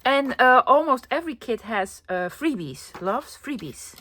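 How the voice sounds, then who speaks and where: A young craft vlogger talks playfully to her viewers while crafting, her voice high, bright and expressive with a forceful tone, and her delivery a little slow. She calls her audience "love" and drops to a whisper at times in this casual crafting chat.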